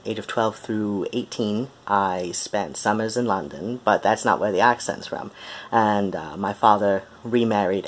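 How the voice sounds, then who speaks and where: A man's voice: fairly low pitch, a little hiss or hum. A young man from Ohio who speaks with a transatlantic accent, introducing himself as a musician in a hesitant, tired vlog with lots of ums. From Ohio, USA. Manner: hesitant, full of ums and pauses.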